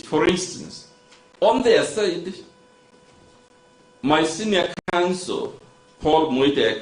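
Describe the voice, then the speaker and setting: Un abogado con acento keniano, de tono medio, presenta sus alegatos con formalidad y preguntas retóricas, dirigiéndose una y otra vez al juez. Su voz resuena en una sala de tribunal con mucho eco. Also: male voice, medium pitch. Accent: Kenyan. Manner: formal, rhetorical, repeatedly addressing the judge. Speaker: advocate. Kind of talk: courtroom legal submission. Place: courtroom. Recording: echoey courtroom audio.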